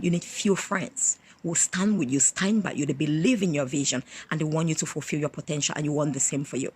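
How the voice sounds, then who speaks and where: A woman's voice: low voice, brisk, hardly any pauses, a little mellow, breathy edge. A middle-aged woman, an author and motivational speaker, talking effusively and emphatically, often repeating her phrases. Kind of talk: motivational livestream talk.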